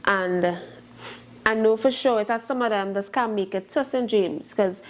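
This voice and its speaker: A woman, talking casually with her husband about an argument, lively and often laughing. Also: medium pitch, moderate pace. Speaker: co-host, wife. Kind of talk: casual conversation.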